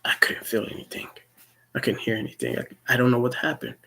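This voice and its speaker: A man's voice: mid-range voice, quick pace, creaky, sharp tone, breathy edge. A young man rambling through a personal story, swearing often and stumbling over repeated words. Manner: rambling, profane, stammering restarts.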